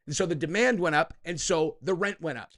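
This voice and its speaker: A man's voice: on the high side, a little fast, fairly bright tone. A man hosting heated political commentary, profane and combative, who keeps tagging his points with "okay?" and "dude.".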